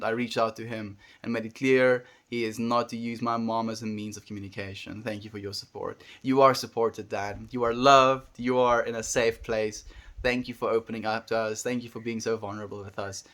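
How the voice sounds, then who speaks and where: A young man hosting a daily livestream, reading and answering viewer comments in a gentle, earnest, encouraging way that often trails off to a murmur. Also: fairly low pitch, level tone, a little fast. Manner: gentle, earnest and encouraging, softening to near-murmurs at the ends of phrases. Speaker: livestream host.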